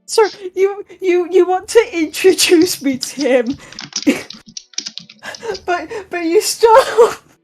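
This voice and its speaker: A woman's voice: very high-pitched, expressive, slow, long pauses, a little mellow, faint music behind, pitched above the performer's own voice, heavily acted. A woman playing a young man who teases his brother, laughing as he talks. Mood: teasing. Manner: teasing, laughing.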